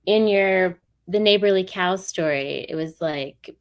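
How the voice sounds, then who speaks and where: A woman's voice: on the low side, a little slow, clean tone, dull audio. A woman hosting an interview, friendly and encouraging, who laughs along with her guest. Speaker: interview host. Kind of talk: casual interview chat.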